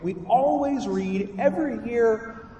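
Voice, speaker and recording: A man's voice: extremely high pitch, slow pace, dark tone, a little hiss or hum. A man, a priest, giving a homily in a church, with a dramatic delivery that acts out the voices he quotes. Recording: roomy church reverb from a distance.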